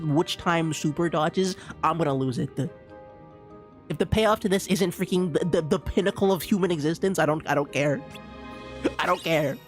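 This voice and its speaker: A streamer with a Bermudian accent giving casual gameplay commentary, ranting in exasperation and laughing often. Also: mid-range voice.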